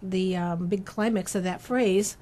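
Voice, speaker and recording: Her mid-range voice is steady, mellow, and a little slow. She's a composer and translator of church chant, carefully describing her method in an interview and stopping at times to demonstrate with short sung chant phrases.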